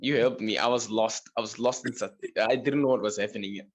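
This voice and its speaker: Shy teenage schoolboy answering. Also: male voice, on the low side, a little fast. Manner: shy, hesitant with fillers, polite. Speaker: student.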